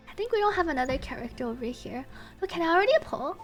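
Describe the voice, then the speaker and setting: A woman's voice: high-pitched, animated, quick pace, soft background music. A woman VTuber streaming a game, chatting cheerfully, thanking viewers and reading story lines aloud. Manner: reads game dialogue aloud between chatty remarks; cheerful, thanks chat members. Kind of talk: casual game stream commentary.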